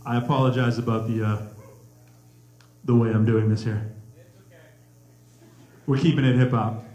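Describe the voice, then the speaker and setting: A man giving a lively, joking talk to a college audience, speaking into a handheld mic. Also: medium pitch, a little slow, slight background noise. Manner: joking, animated, chatty. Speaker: rapper and math professor giving a talk. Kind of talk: lively campus talk with humor. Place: college hall, echoey. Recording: echoey room.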